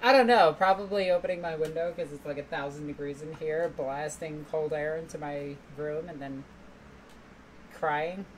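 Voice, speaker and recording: A woman's voice: deep voice, moderate pace, a little hiss or hum, poor audio. A young woman hosting a casual livestream, blunt and teasing, who swears freely while answering chat. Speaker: streamer host.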